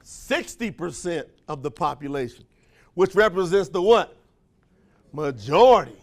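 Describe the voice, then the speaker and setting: A man giving an energetic motivational speech to a live audience, throwing call-and-response questions to the crowd in folksy, slangy language. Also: fairly high pitch, measured pace. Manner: folksy, slangy phrasing with frequent laughs. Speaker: motivational trainer for a sales company.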